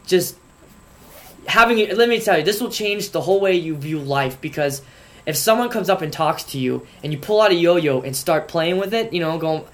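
A young man in college telling a funny story in casual chat, animated and rising to outraged bursts. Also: a little high, normal speed. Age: young adult. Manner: animated storyteller, voice jumps up when acting outraged.

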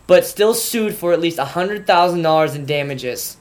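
A man's voice: a little high, moderate pace. A man co-hosting a casual talk show, telling stories and reading out odd lawsuits in a joking way. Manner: animated, joking storyteller. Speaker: podcast co-host. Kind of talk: casual storytelling chat.

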